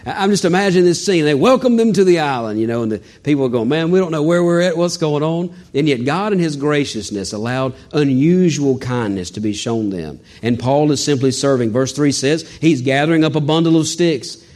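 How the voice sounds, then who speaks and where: A man preaching a sermon in a folksy, animated way with joking asides. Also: medium pitch, fairly quick, few pauses. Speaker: pastor.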